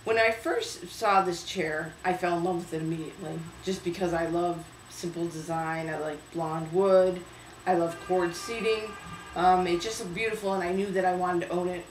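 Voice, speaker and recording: A woman's voice: on the low side, steady tone, moderate pace, slight background noise. Chatty woman hosting in an echoey room. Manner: chatty, hesitant, many fillers. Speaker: host. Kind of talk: casual home video show. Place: home room.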